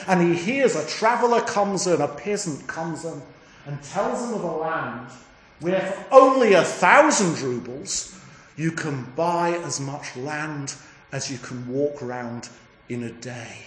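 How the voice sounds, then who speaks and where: A man, a priest, retelling a story in a sermon in an animated, chatty way, with many restarts. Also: sits high, measured pace. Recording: echoey room with faint ambience.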